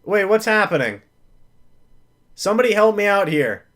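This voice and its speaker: A man's voice: sits high, big pitch swings, normal speed, fairly bright tone. A man calling a football game live as a fan, narrating each play and then pleading with the referees and groaning at the calls.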